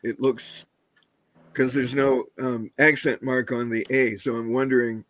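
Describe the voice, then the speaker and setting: Hesitant male student, slow and halting. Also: mid-range voice, level tone, a bit bright, a little hiss or hum. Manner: hesitant, stumbling over words. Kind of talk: online language lesson.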